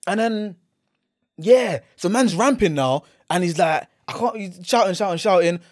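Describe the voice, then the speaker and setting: Animated young London man, dry sound. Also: high voice, normal speed, dry recording. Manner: animated, acts out quotes, slangy. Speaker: podcast host. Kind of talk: casual storytelling chat.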